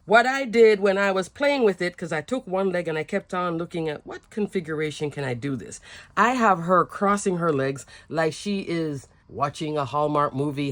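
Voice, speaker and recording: A woman's voice: on the low side, dry recording. A woman hosting a casual papercraft demonstration, bubbly and gushing, laughing often as she shows her supplies. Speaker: papercraft demo host.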